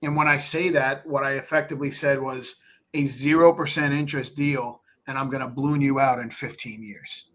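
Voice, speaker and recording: A man's voice: mid-range voice, fairly even intonation, moderate pace, fairly bright tone. A man being interviewed on a live stream, coaching investors in a blunt, plain-spoken way and acting out talks with sellers. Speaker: real estate investor guest.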